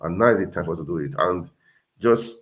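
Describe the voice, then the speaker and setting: Man, very low voice, earnest livestream host, repeats his points. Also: brisk. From Nigeria. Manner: earnest, repetitive, exhorting. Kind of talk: casual livestream monologue.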